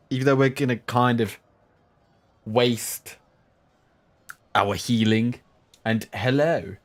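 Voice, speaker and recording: A man streaming a strategy game, chatting with viewers between sudden excited outbursts. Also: medium pitch. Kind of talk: live gameplay commentary.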